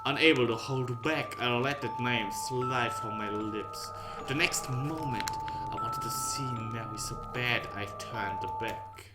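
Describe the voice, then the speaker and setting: A man reading a visual novel aloud in slow, measured narration with dry asides. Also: mid-range voice, loud music behind the voice. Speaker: game reader.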